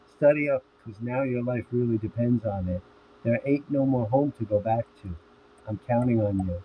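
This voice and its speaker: A man reading the lines of a gruff, sarcastic middle-aged father in a blunt, curt way. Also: medium pitch, moderate pace, lightly acted. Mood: grim. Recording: tinny phone-like audio with faint hiss.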